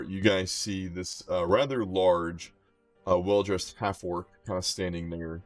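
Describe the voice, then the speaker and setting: A man with a low, deep voice running a tabletop game as game master. His narration is loose and casual, full of restarts and fillers, with faint music underneath. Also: steady tone, slow.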